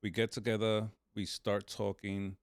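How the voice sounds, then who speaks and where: A man's voice: lowish voice, little pitch movement, measured pace, no room sound, studio quality. A laid-back man co-hosting a casual podcast, laughing easily. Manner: laid-back, laughs easily, says "you know what I'm saying". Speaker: podcast co-host. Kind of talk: casual chat.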